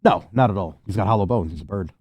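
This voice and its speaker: A man running a tabletop game as game master, narrating in a relaxed, casual way. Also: sits low, fast, breathy edge, dry recording.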